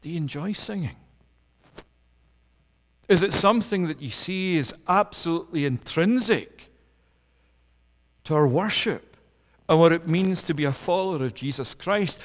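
Pastor preaching in a reverberant church. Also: male voice, on the high side, lively intonation, measured pace, long pauses. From Scotland. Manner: emphatic, builds up lists with rising force. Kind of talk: sermon.

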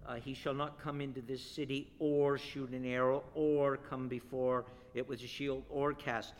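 A man preaching a sermon and reading scripture aloud, emphatic and rising to forceful declarations. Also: mid-range voice, animated, measured pace, hardly any pauses, long reverb tail.

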